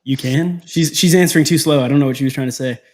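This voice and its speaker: A man co-hosting a casual chat over a video call, trading teasing, quick banter. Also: mid-range voice, darkish tone. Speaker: co-host.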